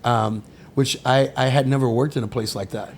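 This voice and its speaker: A middle-aged man, a guest on a podcast, telling stories in a casual, animated way, acting out the voices of people he quotes and swearing now and then. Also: medium pitch, normal speed, creaky, slight background noise. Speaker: podcast guest, sommelier and winemaker. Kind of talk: casual storytelling interview.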